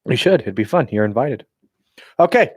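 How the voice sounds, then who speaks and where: Casual podcast co-host, man, mid-pitched, laid-back, close dry sound. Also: moderate pace, breathy edge, dry recording. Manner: laid-back, relaxed, conversational. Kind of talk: casual beer review chat.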